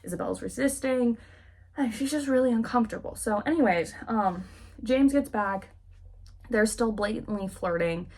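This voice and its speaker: Chatty woman with a gravelly voice. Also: fairly high pitch, normal speed. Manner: chatty, animated, lots of filler "like". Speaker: book vlogger. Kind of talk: casual book recap.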